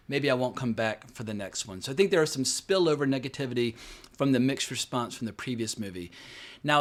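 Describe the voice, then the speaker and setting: This film commentator talks box office numbers in a lively, conversational style, swearing often. His voice is mid-range.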